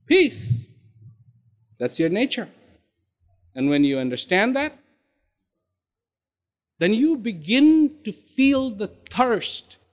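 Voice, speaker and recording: A man giving an inspirational talk to an audience. He is emphatic, repeats key words and uses dramatic pauses. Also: very high-pitched. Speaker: speaker. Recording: long hall reverb.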